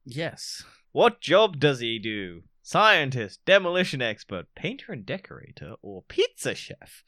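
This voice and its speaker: A man's voice: a little high, very animated, sharp tone, no room sound, studio quality. A man co-hosting a podcast, playfully reading out quiz questions and silly answer choices. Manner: playful, jokey, reads options with comic pauses. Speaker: podcast co-host, quizmaster.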